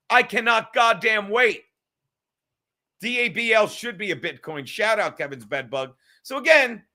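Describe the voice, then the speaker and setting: A man's voice: high voice, sharp tone. A man hosting a livestream, ranting and mocking in a profane, combative way. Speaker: livestream host.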